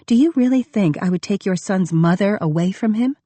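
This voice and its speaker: A woman's voice: medium pitch, expressive, a little fast, dark tone, dry recording, lightly acted. A woman reading the part of a young woman who has been deceived by her lover, speaking emotionally and accusingly. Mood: hurt.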